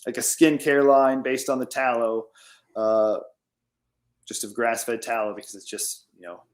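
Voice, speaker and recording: A man's voice: medium pitch, fairly even intonation, a little slow. A man farmer being interviewed over a remote call, talking casually and rambling, with lots of "like" fillers. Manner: rambling, heavy use of "like". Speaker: farmer guest.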